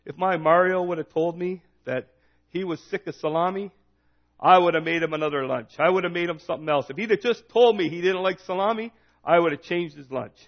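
A man's voice: sits high, brisk, dull audio. A man voicing an Italian wife who regrets her husband never spoke up, in a joke told in a sermon. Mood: regretful.

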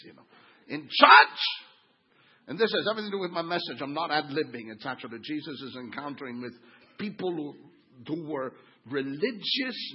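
A pastor in his fifties preaching a sermon, swinging from quiet asides to loud exclaiming. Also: fairly high pitch, husky, highs cut off. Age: 50s.

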